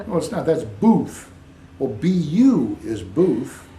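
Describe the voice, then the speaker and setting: A man talks in a patient, teacherly way, often spelling words out letter by letter. His voice is mellow and relaxed. The recording sits in an echoey room with a faint hiss behind it. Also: on the high side, measured pace. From United States. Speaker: interviewee. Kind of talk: casual explanatory interview.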